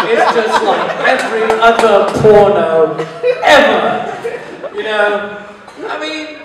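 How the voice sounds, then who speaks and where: A young man performs crude stand-up, chuckling at his own bawdy lines. His voice sits high and swings widely in pitch. It is picked up from a distance in an echoing hall, with a crowd audible behind. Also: lively intonation, drawn-out words, pauses often. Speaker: stand-up comedian. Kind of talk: live stand-up routine. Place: comedy venue with audience. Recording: distant echoey hall with audience. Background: audience laughter.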